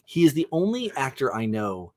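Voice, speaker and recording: A man's voice: medium pitch, sing-song, moderate pace, darkish tone. A young man hosting a casual movie chat, enthusiastic and rambling, with lots of fillers and restarts. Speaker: podcast host.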